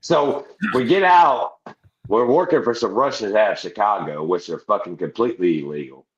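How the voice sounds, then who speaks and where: This veteran podcast guest has a fairly low voice and keeps a moderate pace. His long, rowdy anecdote wanders casually, packed with profanity and laughing asides, and the sound is roomy and somewhat dull.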